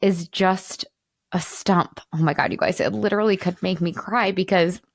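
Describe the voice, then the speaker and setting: A woman in her thirties hosting a podcast, talking in an animated, emphatic way and at times near tears. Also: fairly low pitch, normal speed, no room sound. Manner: animated, emphatic, tearful at moments. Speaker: podcast host. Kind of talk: emotional podcast monologue.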